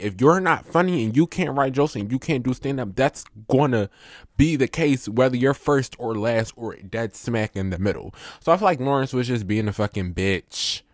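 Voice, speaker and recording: A man's voice: medium pitch, dry recording, clean studio sound. A man hosting his own podcast, talking casually and rambling with lots of fillers, getting emphatic when he rants. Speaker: podcast host. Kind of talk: casual solo podcast review.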